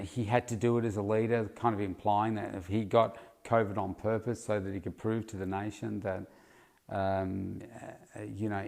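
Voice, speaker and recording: A middle-aged man with a fairly low voice talks through a solo podcast episode. He speaks loosely and conversationally, circling back with fillers and false starts as he works through his thoughts. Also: darkish tone. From Australia. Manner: casual and rambling, with frequent fillers and restarts. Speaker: podcast host, health coach.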